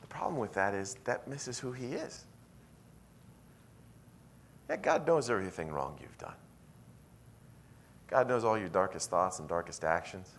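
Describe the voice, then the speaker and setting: A man pastor preaching a sermon in a church, telling a story with animated swings from hushed, intimate lines to loud, emphatic ones. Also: lowish voice, unhurried, pauses often, a little hiss or hum.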